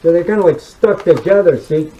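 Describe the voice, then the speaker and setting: A man's voice: sits high, brisk, mellow, a little hiss or hum, low-quality recording. A man, a horror movie maker as guest, chatting casually and showing props, rambling with frequent stammered repeats.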